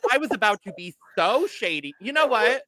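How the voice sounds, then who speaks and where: A man's voice: high voice, sing-song, a little fast, a loud crowd. A man co-hosting a podcast, teasing and exasperated in casual banter. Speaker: podcast co-host.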